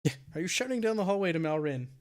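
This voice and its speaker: A man running a tabletop game as dungeon master, describing scenes in a halting way with many fillers. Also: sits high, animated. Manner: halting, restarting narration with fillers.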